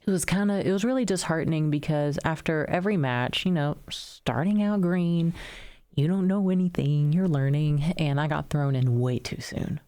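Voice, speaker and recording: A woman in her thirties co-hosting a casual chat, telling stories in an animated way and laughing often. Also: deep voice, normal speed, clear, resonant tone. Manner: animated storyteller, laughs often, mimics voices in anecdotes. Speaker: podcast co-host, wrestler.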